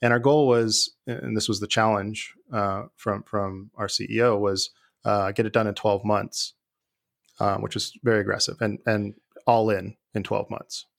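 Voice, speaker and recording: A man being interviewed, talking in a relaxed, thoughtful way with many fillers and restarts. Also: lowish voice, a little slow, vocal fry. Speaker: guest, former IT leader. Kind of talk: conversational interview.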